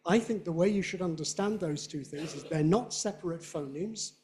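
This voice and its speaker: A middle-aged man with a Southern British accent giving a playful, animated lecture on phonetics and demonstrating sounds aloud. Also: fairly high pitch, moderate pace. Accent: Southern British English. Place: lecture hall.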